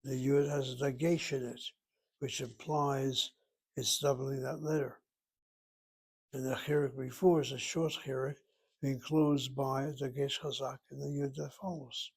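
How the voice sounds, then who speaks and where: A man's voice: medium pitch, flat delivery, unhurried, vocal fry, slightly rough. A man teaching a Hebrew lesson from a textbook, thinking aloud, asking himself questions and spelling words out. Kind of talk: self-study lesson, reading from a textbook.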